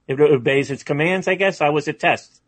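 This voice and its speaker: A man calling in to a comedy talk show, telling a story in a hesitant, halting way. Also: a little high, no echo. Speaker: caller. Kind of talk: comedic call-in chat.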